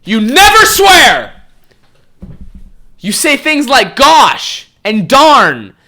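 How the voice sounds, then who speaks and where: A man voicing two pious young boys who shout in shock at someone swearing, shrill and scolding. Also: huge pitch swings, very slow, full character voice. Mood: scandalized.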